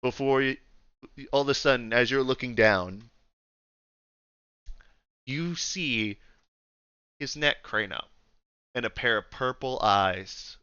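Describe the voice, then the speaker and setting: A man narrating a tabletop game as game master, casual and rambling with quick asides. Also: mid-range voice, bright, forceful tone, smooth, no echo, lo-fi sound.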